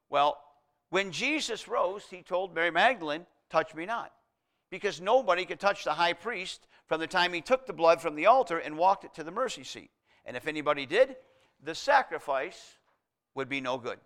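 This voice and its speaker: A man preaching a sermon, asking the congregation rhetorical questions and swinging between loud emphatic peaks and hushed low passages. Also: sing-song, fairly quick.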